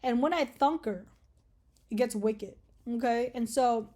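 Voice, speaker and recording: A woman's voice: fairly high pitch, unhurried, dark tone. A woman vlogger speaking in a casual, rambling rant, full of swearing and jokes. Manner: rambling, profane, jokey.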